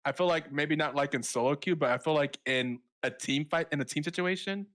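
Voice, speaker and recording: A man's voice: a little high, a little fast, a bit bright. A man from the southern United States casting an esports match in a casual, rambling way, full of fillers and self-corrections. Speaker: esports shoutcaster. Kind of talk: casual live esports commentary.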